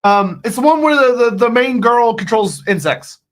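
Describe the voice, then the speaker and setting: A man's voice: very high-pitched, expressive, moderate pace. An American man co-hosting a live stream, reading chat questions aloud, hesitant with many fillers and casual swearing. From United States.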